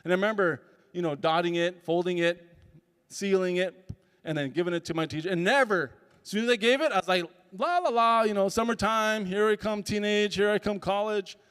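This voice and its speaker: A man telling a personal story at a summit, lively and acting out the dialogue as he goes. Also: sits high, brisk, clear, resonant tone. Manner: animated, acts out dialogue in the story. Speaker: speaker at a summit. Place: conference hall. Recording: long hall reverb.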